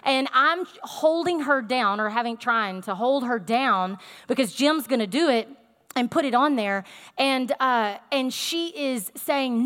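A woman with a high voice preaches a sermon. She talks to the congregation in a conversational, animated way, weaving a personal story in with fillers and asides. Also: a little slow, big-room sound.

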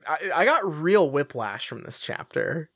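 A man co-hosting a casual podcast, chatting in an animated, joking way. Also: fairly high pitch, husky, no echo, clean studio sound. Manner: animated, jokey, quick laughter. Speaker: podcast co-host.

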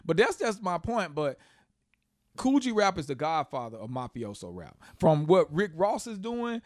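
A man's voice: fairly high pitch, sing-song, moderate pace, no room sound, clean studio sound. A man co-hosting a casual hip-hop podcast, making his points with lots of "you know" and "exactly.". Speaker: podcast co-host.

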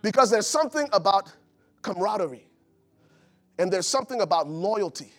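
A man preaching a sermon to his congregation, swinging from loud urgent peaks to low soft passages and calling out to the room. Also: animated, fairly quick. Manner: calls out to the congregation. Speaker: pastor. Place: church before a live congregation.

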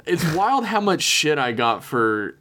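A man's voice: a little high, very animated, slow pace, pushed and bright. Crude joking man recapping an episode. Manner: crude, joking, acts out characters' lines. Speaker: podcast co-host. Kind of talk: casual chat recapping a TV episode.

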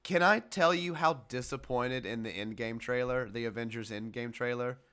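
A man's voice: mid-range voice, moderate pace, pushed and bright, smooth. A man co-hosting a movie podcast in casual chat, hesitant and rambling as he shares his opinions. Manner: chatty, hesitant, lots of fillers and restarts. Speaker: podcast co-host.

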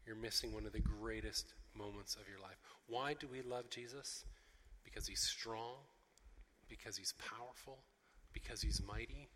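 Bright-voiced preaching man in a hall. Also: on the low side, moderate pace, slight background noise. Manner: earnest, emphatic preaching with many fillers and repeated phrases. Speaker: pastor. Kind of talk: sermon.

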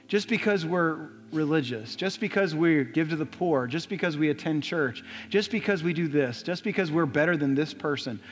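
A young adult man preaching a sermon in a church, telling a story with earnest repetition. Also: on the high side. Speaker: pastor. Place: church sanctuary. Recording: long church reverb, soft music.

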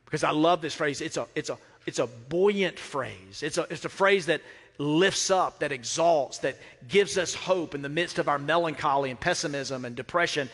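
A man's voice: on the high side, normal speed, fairly bright tone. Middle-aged man, pastor, emphatic sermon delivery with repeated lines, echoing church hall. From Mississippi. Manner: emphatic, repeats phrases, asks the crowd questions. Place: church sanctuary. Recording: reverberant hall.

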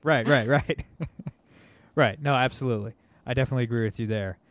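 A man's voice: medium pitch, fairly quick, fairly bright tone, no room sound. A man hosting a political podcast, talking casually and animatedly, mocking and laughing often. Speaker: podcast host. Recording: dull lo-fi audio.

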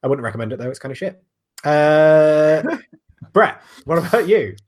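A man's voice: a little high, lively intonation, brisk, darkish tone. A man hosting a casual podcast chat, rambling and swearing freely. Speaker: podcast host.

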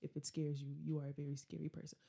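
A woman's voice: deep voice, fast, vocal fry. Young woman telling a spooky story. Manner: animated, acts out quotes with laughs. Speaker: podcast host. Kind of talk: casual storytelling.

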